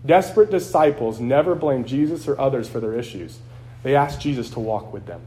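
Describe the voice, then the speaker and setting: A man's voice: medium pitch, animated, fairly quick, dark tone. A man preaching a sermon as pastor, earnest and conversational, acting out quotes along the way.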